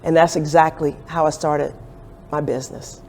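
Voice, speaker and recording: A woman's voice: deep voice, level tone, moderate pace, a little mellow, slight background noise. A woman who owns a business, recounting her beginnings in a candid documentary interview and acting out the quoted dialogue. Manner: candid, reflective storytelling with acted-out quotes. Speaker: entrepreneur telling her story. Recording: echoey room with long reverb.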